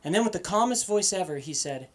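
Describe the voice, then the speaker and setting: A young man from Boston working an open-mic stand-up set on a comedy club stage. His delivery is animated and profane, jumping between loud punchlines and quiet throwaway asides. His intonation rises and falls widely as he goes. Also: high voice, quick pace.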